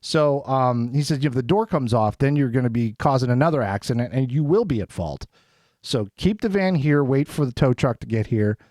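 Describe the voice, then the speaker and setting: Animated man telling a story. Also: mid-range voice, normal speed, no echo, clean studio sound. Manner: animated, acts out quotes in a raised voice. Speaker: podcast co-host. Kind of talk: casual chat, storytelling. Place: studio.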